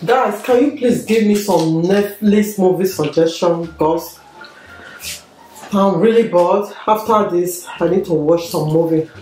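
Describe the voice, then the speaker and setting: A woman's voice: fairly low pitch, measured pace, dark tone, reverberant, soft background music, low-quality recording. A woman talking casually to viewers in a couple vlog, in a teasing and offhand way. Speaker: vlogger, wife.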